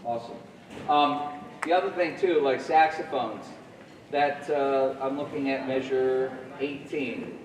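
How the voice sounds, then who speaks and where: A man's voice: mid-range voice, fairly even intonation, measured pace. A man in his forties coaching a middle school jazz band in a friendly way, scatting rhythms aloud as he teaches. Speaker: guest jazz clinician. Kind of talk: band rehearsal instruction. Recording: echoey room from far off.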